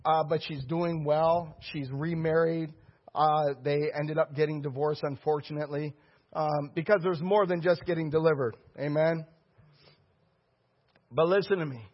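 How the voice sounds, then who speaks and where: A man's voice: on the high side, steady tone, normal speed. A man preaching a sermon, telling a story and urging his listeners on with repeated exhortations. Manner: urgent, repetitive exhortation. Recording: dull lo-fi recording.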